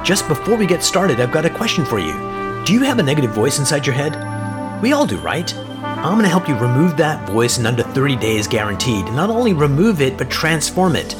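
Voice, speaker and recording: Energetic male podcast host. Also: a little high, fairly quick, loud music behind the voice. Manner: energetic, promotional. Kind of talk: podcast interview.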